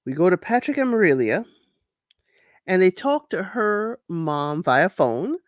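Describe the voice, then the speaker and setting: A woman hosting a casual reality show recap, animated and laughing often, acting out quotes in high voices. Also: measured pace, no room sound.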